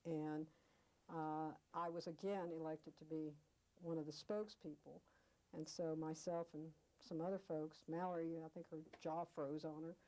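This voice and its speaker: A woman's voice: low voice, fairly even intonation, normal speed, dark tone, low-quality recording. A woman recounting a past confrontation in an oral history interview, acting out what people said. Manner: vivid storyteller, acts out quoted speech. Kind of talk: storytelling recollection.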